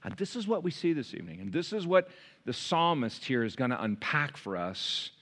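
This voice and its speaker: A man's voice: mid-range voice, sing-song, fairly quick, a bit bright. Man preaching a sermon. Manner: preaching with rising emphasis and repetition. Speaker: pastor.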